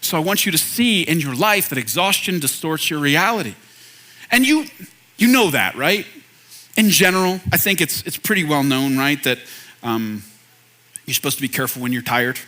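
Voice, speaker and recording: Man, 30s, pastor; bright, slightly high voice, relaxed conversational preaching. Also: normal speed. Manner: conversational, self-deprecating, asks the audience questions. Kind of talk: sermon. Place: church hall.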